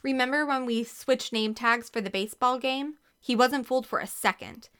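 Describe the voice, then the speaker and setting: Sporty, dry-witted teen girl in a storybook, read by a woman, bright and crisp. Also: fairly high pitch, moderate pace, pitched above the performer's own voice, lightly acted. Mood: wry. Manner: dry, glum.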